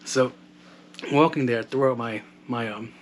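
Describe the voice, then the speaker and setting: Male podcast host, relaxed and profane, mid-pitched, recorded at home with light household noise. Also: moderate pace. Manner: loose, joking, swears freely. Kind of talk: casual solo podcast chat. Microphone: modded home microphone. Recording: faint household background noise. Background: household background noise.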